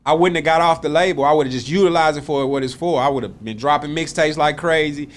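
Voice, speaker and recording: Man guest, casual slangy talk, a bit high-pitched, gets loud and animated when riled. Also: brisk. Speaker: rapper guest. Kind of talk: casual interview chat.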